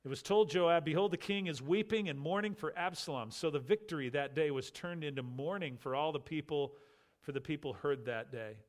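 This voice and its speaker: A man teaching from the Bible, reading scripture aloud and commenting on it in a measured, grave way that slows and softens on sorrowful passages. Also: fairly high pitch.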